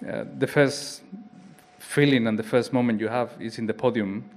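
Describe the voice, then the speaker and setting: A Spanish racing driver answers questions at a press conference in English with a Spanish accent. His medium-pitched voice stays steady, and his reflective, halting replies keep restarting mid-phrase.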